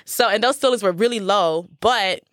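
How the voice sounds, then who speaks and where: A woman in her thirties, a professional dancer, telling a story as a guest in a casual interview. She is animated, acts out what people said and laughs often. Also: mid-range voice, moderate pace, dry recording, studio quality.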